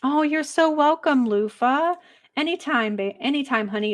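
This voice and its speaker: A high-voiced woman works as a psychic medium during a live online reading, speaking gently and with emotion and pausing often with fillers.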